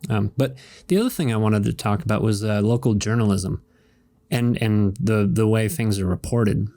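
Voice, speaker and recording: A man's voice: lowish voice, normal speed, warm tone. A man hosting a show where he reads comic strips, chatting casually in a rambling, hesitant way and chuckling now and then. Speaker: host.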